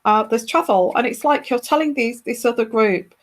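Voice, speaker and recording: A woman giving an intuitive tarot reading on a podcast, speaking straight to the listener and pausing often with fillers and restarts. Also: fairly high pitch, lively intonation. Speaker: tarot reader.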